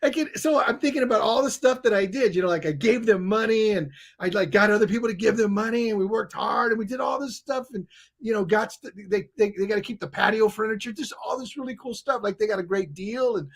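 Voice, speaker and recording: Talking fast in a high voice with vocal fry, a middle-aged man tells a story in conversation. He's a guest coach and author, animated as he plays the characters in his tale.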